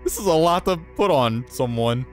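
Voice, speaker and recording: An excitable man playing through a role-playing game, reading the characters' lines aloud and commenting as he goes. His voice is mid-pitched but swings widely, leaping high when he is alarmed. Faint music plays behind him. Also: normal speed. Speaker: let's play host.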